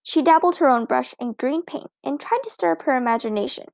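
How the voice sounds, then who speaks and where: A woman narrating a children's storybook in a lively, expressive way. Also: sits high, fairly quick, gravelly, no room sound. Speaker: audiobook narrator.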